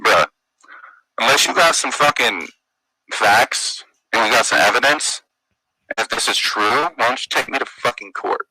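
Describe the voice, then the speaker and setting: A man's voice: mid-range voice, lively intonation, unhurried, bright, forceful tone, husky, dry recording, rough recording. A man hosting a livestream, arguing angrily and defensively, swearing often. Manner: angry, profane, defensive ranting. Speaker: livestream host. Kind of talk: heated livestream argument.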